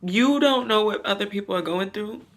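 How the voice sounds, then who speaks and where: A woman quoting her mother, a calm, comforting voice on the phone. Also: mid-range voice, normal speed, pitched above the performer's own voice, natural voice. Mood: reassuring.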